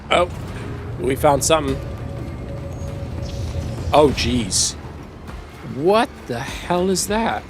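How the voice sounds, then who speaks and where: A man streaming a game, giving relaxed, casual commentary and getting excited at what he finds. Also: on the high side, very slow, pauses often, over music. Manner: relaxed, easily excited, talking to himself.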